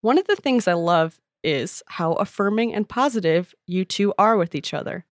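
A woman co-hosting a casual podcast. She reads listener mail, laughs at her own slips and drops quick asides. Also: medium pitch, lively intonation, no echo, clean studio sound. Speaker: podcast co-host.

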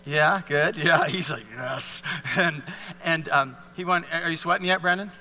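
A man coaching volunteers through exercises in front of a crowd, pushing them on with short, repeated cues. His voice sits a bit high and very bright. The sound carries a hall's long reverb with a faint hum underneath. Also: moderate pace. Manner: encouraging, coaxing, repetitive cues. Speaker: speaker leading a fitness demonstration. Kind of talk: live talk to an audience with volunteers.

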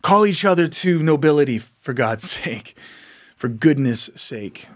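A man's voice: fairly high pitch, animated, unhurried. A man hosting a podcast, delivering an impassioned monologue full of rhetorical questions and frequent laughs. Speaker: podcast host.

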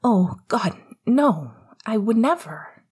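A woman's voice: very animated, slow, a little mellow, breathy edge, exaggerated voice. A woman voicing a flustered, stammering teen boy. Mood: nervous. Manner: jittery, higher and stammering. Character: nervous, flustered teenage boy student.

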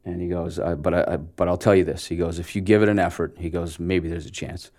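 A man in his forties from Canada, a guest telling an animated story of his start as an actor and acting out the dialogue as he goes. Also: low-pitched, fast. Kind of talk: casual storytelling interview.

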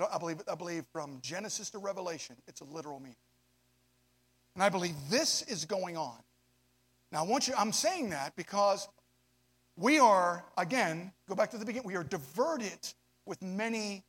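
A man preaching a sermon to young adults, swinging from hushed asides to loud, drawn-out emphasis. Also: sits high. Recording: long hall reverb.

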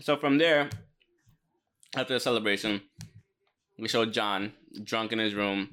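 A man's voice: fairly low pitch, unhurried. Man chatting casually, swearing freely. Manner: profane, animated retelling with quoted voices. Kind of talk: casual chat recapping a TV episode.

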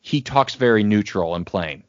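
A man's voice: on the low side, animated, normal speed, no echo. A man co-hosting a podcast, telling rambling stories with many fillers in casual chat. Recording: dry, dull lo-fi sound.

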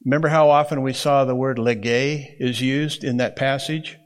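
A man of ordinary pitch teaching a Bible class in a classroom. He explains in a relaxed, conversational way and often turns to the students with "okay?" or "right?". His voice sits in an unremarkable middle range. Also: moderate pace.

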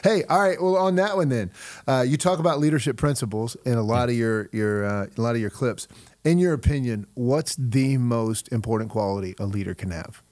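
A man's voice: medium pitch, a little fast, darkish tone, dry recording. A middle-aged man hosting an interview, telling stories with chuckles and searching phrasing. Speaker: host, youth leader. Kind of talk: casual interview chat.

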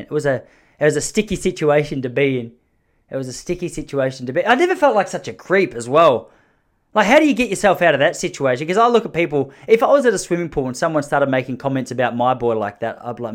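His voice is a little high, animated and fast as this thirty-something Australian recounts a comic personal tale. He wanders, backtracks to correct himself and adds sheepish side comments.

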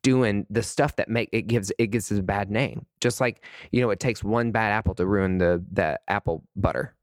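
Podcast host, male, fairly low voice, heated and rambling monologue, dry sound. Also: normal speed, no room sound. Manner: impassioned, rambling, many restarts and "like"s.

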